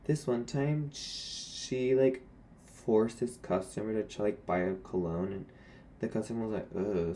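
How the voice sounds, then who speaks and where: A man's voice: on the low side, warm tone. Young guy venting to camera, sassy and blunt, faint hum behind him. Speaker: former retail cosmetics worker. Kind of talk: candid rant to camera.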